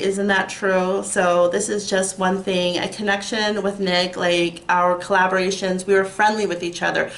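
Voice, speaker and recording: A woman's voice: medium pitch, fairly bright tone. Upset young woman ranting in echoey room. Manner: upset, emphatic, rambling. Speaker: YouTuber. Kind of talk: ranting vlog.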